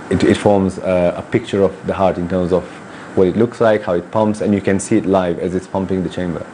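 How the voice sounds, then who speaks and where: Deep-voiced male doctor explaining calmly. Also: a little hiss or hum. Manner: measured, hesitant with many fillers. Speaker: pediatric cardiologist. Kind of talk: explaining to camera. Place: hospital in Kenya.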